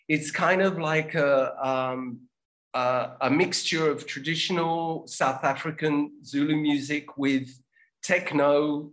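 A man's voice: a little high, a bit bright. A man with a slightly raised voice hosts a language-learning show. He talks in a loose, chatty way. He often restarts his sentences and slips in plugs for the show. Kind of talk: casual chat.

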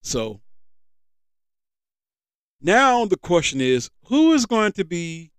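A man's voice: high voice, big pitch swings, slow, clear, resonant tone, dry recording. A man hosting a sports podcast, reading sports news and adding casual asides of his own. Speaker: podcast host.

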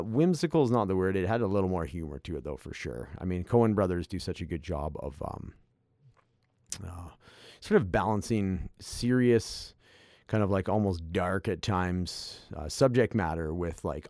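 A man's voice: low voice, darkish tone, no room sound, clean studio sound. A young man, hosting a casual movie review chat, rambling with many fillers and restarts. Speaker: movie review podcast host.

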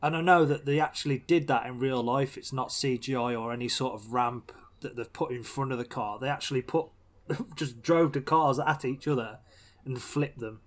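A man's voice: medium pitch, moderate pace. A young man, co-hosting a casual podcast chat, blunt and sweary, ranting about films with bursts of laughter. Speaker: podcast co-host.

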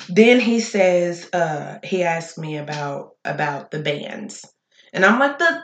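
A woman's voice: mid-range voice, a bit bright. A woman hosting a solo podcast, ranting bluntly and with plenty of swearing. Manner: blunt and profane, talking fast and heated. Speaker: podcast host. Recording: echoey room.

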